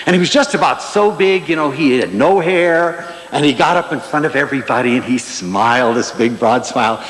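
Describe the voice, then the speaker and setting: A man giving a humorous public lecture, telling stories in an animated, playful way. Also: mid-range voice, normal speed. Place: large lecture hall before an audience. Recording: echoey lecture hall.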